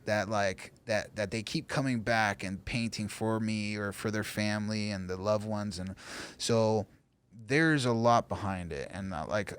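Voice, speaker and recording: A man being interviewed as a guest artist, talking earnestly and rambling with halting restarts. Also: on the low side, fairly bright tone, clean tone. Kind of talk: casual interview talk.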